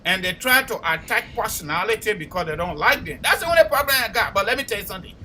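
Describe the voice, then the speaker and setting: A man with a Liberian accent hosting a call-in talk show, speaking forcefully and combatively, often repeating words as he presses his point. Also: sits high, lively intonation, fast, slight background noise, low-quality recording.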